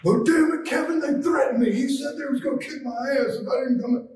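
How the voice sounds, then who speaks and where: A fuming, indignant man, worked up and loud, his voice pitched well above a normal speaking voice, as a man puts him on. The sound is roomy and caught from a distance. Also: brisk, slight background noise. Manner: angry and indignant. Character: riled-up man fuming about threats.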